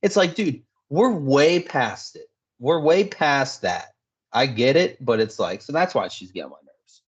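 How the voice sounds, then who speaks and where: A man co-hosting a podcast, chatting casually about a TV episode with animated, exasperated opinions. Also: mid-range voice, a little slow, breathy edge. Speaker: podcast co-host. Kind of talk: casual TV recap chat. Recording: dull lo-fi recording.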